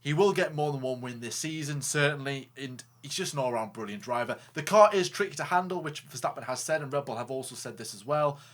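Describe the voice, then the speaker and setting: A man co-hosting a casual racing talk show, joking, animated and stumbling over restarts. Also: medium pitch, fairly quick, few pauses. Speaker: co-host. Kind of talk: casual chat.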